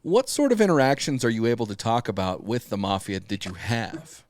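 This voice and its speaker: A man hosting a podcast, asking questions in a halting way with many restarts. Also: medium pitch, very animated, darkish tone, dry recording, studio quality. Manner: halting, restarts his sentences. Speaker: podcast host. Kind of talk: interview questions.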